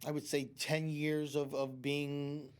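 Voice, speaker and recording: Speaking slowly in a level, clear, resonant voice that sits on the high side, a man tells stories as a psychic medium guest in a community TV studio talk show interview. His anecdotes are long and rambling, with many restarts and acted-out quotes.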